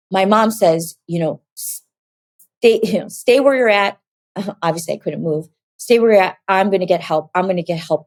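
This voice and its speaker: A woman's voice: on the low side, darkish tone, no room sound. A woman giving a personal faith testimony, telling her story vividly, acting out the voices she quotes, and at times close to tears.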